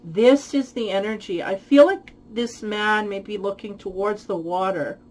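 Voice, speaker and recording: A woman's voice: medium pitch, measured pace, a little mellow, low-quality recording. A woman giving a spiritual tarot reading who muses aloud, searches for her words and often breaks into light laughter. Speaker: tarot reader.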